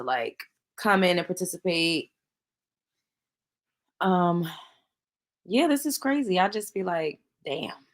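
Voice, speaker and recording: Bright-voiced congested woman livestream host. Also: mid-range voice. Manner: conversational, talking to chat viewers. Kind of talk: casual livestream chat.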